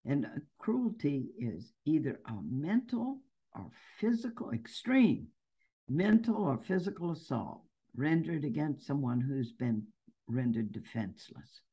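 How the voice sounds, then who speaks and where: A woman's voice: low-pitched, big pitch swings, unhurried, mellow, breathy edge. A nun and activist answering interview questions in an earnest, emphatic way, building her points through stories. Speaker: nun and anti-death-penalty activist, interview guest.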